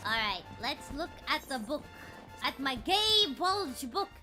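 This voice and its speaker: Very high-pitched excitable streamer woman. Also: slow. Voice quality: very high, cutesy voice. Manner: excitable, squeals and bursts of loud shouting; playful, puts on mock-dramatic lines. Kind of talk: casual gaming stream chatter. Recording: faint music behind the voice.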